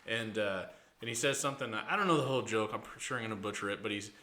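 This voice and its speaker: Bright-voiced man hosting a casual podcast. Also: lowish voice, quick pace. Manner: laughing, rambling storyteller. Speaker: podcast host. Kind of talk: casual chat.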